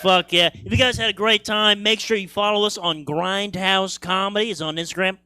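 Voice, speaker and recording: A man emceeing a comedy show, loud and profane, rousing the crowd and closing the night. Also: sits high, steady tone, normal speed, clear, resonant tone. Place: comedy theater stage.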